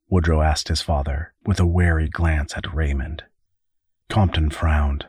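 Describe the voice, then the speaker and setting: A man narrating an audiobook in a steady storytelling manner. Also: rumbling low, unhurried, breathy edge, dry recording, clean studio sound. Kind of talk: scripted narration.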